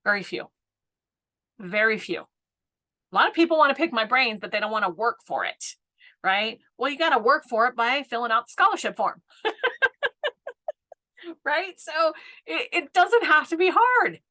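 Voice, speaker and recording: A woman's voice: sits high, very animated, normal speed, bright, forceful tone. A woman in her fifties giving a casual live coaching talk, laughing often and tagging her points with "right?". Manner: chatty, laughs often, keeps asking "right?". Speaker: business coach.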